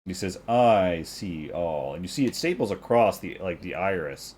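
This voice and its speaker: Deep-voiced man running a tabletop game. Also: fairly quick, breathy edge. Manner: relaxed, with frequent fillers. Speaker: game master.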